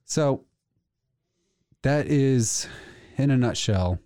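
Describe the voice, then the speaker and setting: A man telling a story in casual chat on a podcast, animated and laughing often. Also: medium pitch, extremely slow, clear, resonant tone, no echo, clean studio sound. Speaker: podcast co-host.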